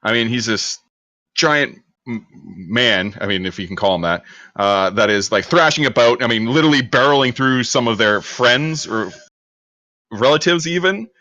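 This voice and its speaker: Tabletop player, male, bright tone, loose rambling delivery, dry close sound. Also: mid-range voice, normal speed, dry recording, highs cut off. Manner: loose, rambling with many fillers. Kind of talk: describing his character's actions.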